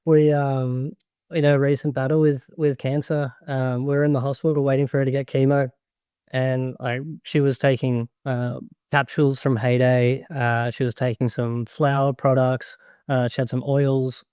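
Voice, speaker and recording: A man's voice: mid-range voice, flat delivery, moderate pace, a little mellow, smooth, dry recording, studio quality. A man, a guest on a podcast, talking earnestly and rambling a little in casual chat. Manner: earnest, rambling, frequent fillers and restarts. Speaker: podcast guest, grower and educator.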